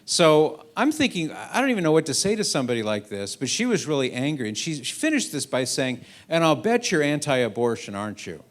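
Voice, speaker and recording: A middle-aged man gives a lively storytelling talk to a school crowd. His voice sits at an ordinary pitch. He swings it up and down as he acts out the other people in his stories. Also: a little fast, hardly any pauses. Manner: animated anecdote-telling, acts out quoted voices. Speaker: guest speaker. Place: school event hall.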